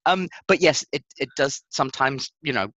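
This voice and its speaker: Bright-voiced man, laughing chat. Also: mid-range voice, dry recording, muffled recording. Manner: laughs often, halting restarts. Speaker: co-host. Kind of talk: casual football chat.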